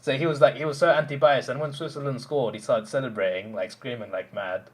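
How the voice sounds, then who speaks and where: A young man hosting a live stream, telling stories in animated casual chat with restarts and bursts of laughter. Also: medium pitch, fast talker. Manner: animated storytelling, mimicking others, frequent laughs and restarts.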